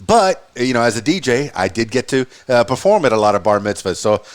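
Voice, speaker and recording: A relaxed man from the American South hosts a casual podcast chat. His pitch sits in the middle for a man. He keeps things easygoing and chuckles between his remarks. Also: a little fast. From Southern United States. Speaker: podcast host.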